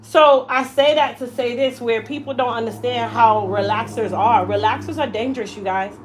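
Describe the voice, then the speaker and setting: Animated woman telling a salon story. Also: a little high, moderate pace, a little hiss or hum, rough recording. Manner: animated, emphatic storyteller who acts out quotes. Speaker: hairstylist, salon owner. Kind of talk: casual storytelling to a client. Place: hair salon.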